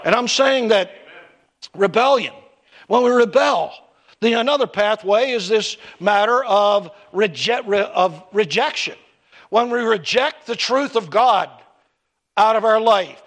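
Middle-aged male preacher, high-pitched, lively storytelling sermon. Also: measured pace. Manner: animated storytelling with acted-out voices.

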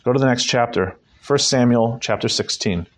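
A man's voice: mid-range voice, moderate pace. A man preaching a conversational Bible-teaching sermon, emphatic and dropping in joking asides.

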